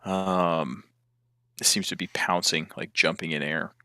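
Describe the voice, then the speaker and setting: A man's voice: low voice, steady tone, unhurried, pushed and bright, smooth, dry recording, clean studio sound. A man narrating a tabletop game as game master, hesitant and full of ums.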